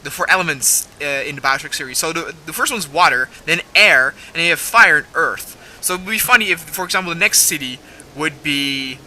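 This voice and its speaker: Excitable young man with a bright voice. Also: on the high side, a little fast, a little hiss or hum, low-quality recording. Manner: excitable, rambling, swearing. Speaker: gaming video host. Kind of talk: let's play commentary.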